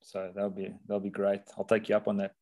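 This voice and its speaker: Relaxed, chatty young man guest. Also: fairly low pitch, brisk. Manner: relaxed, chatty, laughs often, frequent "eh?" tags. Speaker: guest coach. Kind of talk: casual interview.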